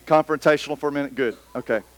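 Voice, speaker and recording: A man's voice: a little high, rapid-fire, poor audio. A man preaching a conversational sermon in church, slipping into quoted voices and back. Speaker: pastor.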